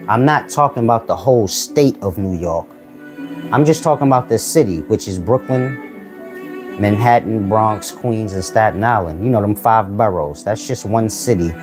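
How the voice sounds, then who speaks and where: A man giving a casual philosophical monologue to his viewers, blunt and full of street slang, firing rhetorical questions. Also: fairly low pitch. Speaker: channel host giving life advice.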